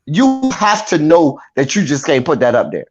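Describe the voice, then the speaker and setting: A man's voice: on the high side, sing-song, moderate pace, music in the background. Emphatic man on a lo-fi video call. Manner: emphatic, repeats points for stress. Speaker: YouTube commentator on a panel. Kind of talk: casual critical panel discussion.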